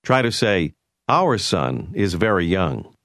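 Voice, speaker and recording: A man narrating a language course in a clear, measured way, prompting the learner with phrases to say. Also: low-pitched, very animated, a bit bright, dry recording, studio quality. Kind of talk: scripted instructional narration.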